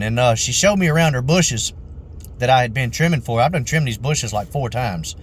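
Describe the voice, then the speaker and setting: A young man who owns a landscaping business, calmly and earnestly retelling a run-in with a customer and repeating "I said" over and over. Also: medium pitch, moderate pace, a little hiss or hum. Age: young adult. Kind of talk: casual storytelling vlog.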